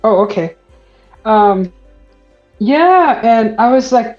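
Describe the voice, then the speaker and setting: A woman hosts a casual live stream and talks slowly, laughing often as she fumbles with the setup. Her audio sounds dull and lo-fi, with faint music underneath. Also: on the high side, expressive, darkish tone. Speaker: host of a paint-and-chat stream. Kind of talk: casual chat.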